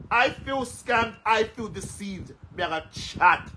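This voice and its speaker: Jamaican man, sharp bright voice, heated cursing rant, repetitive, social media commentary. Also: high voice, expressive, slow pace, slight background noise, low-quality recording. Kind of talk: angry rant to followers.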